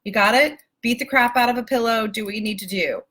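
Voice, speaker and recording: A woman's voice: on the high side, fast talker, breathy edge. A woman life coach speaking live to her viewers, emphatic and affectionate, calling them baby and my love and swearing casually. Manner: warm, emphatic, calls listeners baby and my love. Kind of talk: live-stream coaching talk.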